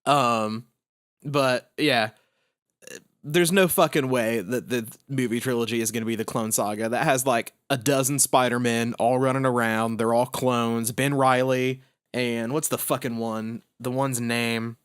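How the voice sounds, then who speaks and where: A man's voice: mid-range voice, fairly even intonation, unhurried, smooth. A young man hosting a podcast in casual chat, rambling through his points with lots of fillers and swear words. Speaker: podcast host.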